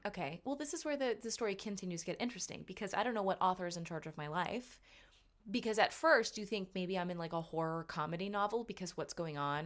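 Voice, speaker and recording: A woman hosting a podcast, telling a story in a casual, animated, self-mocking way, with her voice jumping up for punchlines. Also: medium pitch, quick pace. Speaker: podcast host.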